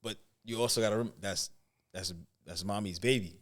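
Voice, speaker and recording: A man's voice: on the low side, moderate pace. A man in his twenties, a football coach, talking casually and telling stories in slang on a podcast. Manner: loose, slangy storytelling, animated when imitating parents. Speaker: football coach and trainer, guest.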